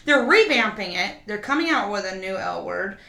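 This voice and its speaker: Animated, profane woman in a roomy space. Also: medium pitch, normal speed, creaky. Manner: profane, animated storyteller who acts out quotes. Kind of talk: casual chat. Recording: roomy echo.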